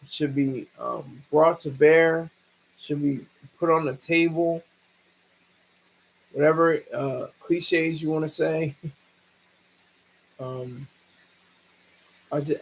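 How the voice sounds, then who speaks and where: A man hosting a livestream, talking through a case in a rambling, halting way with many restarts. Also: sits high, low-quality recording. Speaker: livestream host. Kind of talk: casual livestream commentary.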